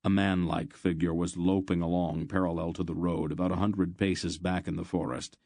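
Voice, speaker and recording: A man narrating an audiobook in a steady, measured way. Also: low-pitched, vocal fry, no room sound, studio quality.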